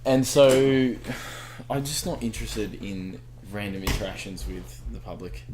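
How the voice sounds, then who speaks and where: A man's voice: on the low side, level tone, unhurried, noisy background. Australian man, twenties, laid-back and dry, casual podcast chat. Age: 20s. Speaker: podcast co-host.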